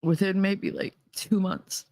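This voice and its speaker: A woman's voice: medium pitch, sing-song, slow pace, darkish tone, no echo, studio quality. A woman host telling a personal story bluntly, swearing freely and speaking with heated emphasis. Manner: blunt and profane, emphatic retelling. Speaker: podcast host.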